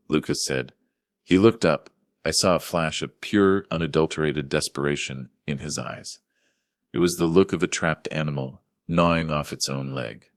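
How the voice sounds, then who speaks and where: Brief: deep-voiced male narrator, grave and forceful, dry close mic. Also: moderate pace, creaky, no room sound. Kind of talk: first-person dramatic story narration.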